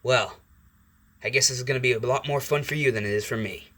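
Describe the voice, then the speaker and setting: A man voicing a hot-tempered teenage boy bully who swears and shouts in a fan story. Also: mid-range voice, quick pace, natural voice. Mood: gruff.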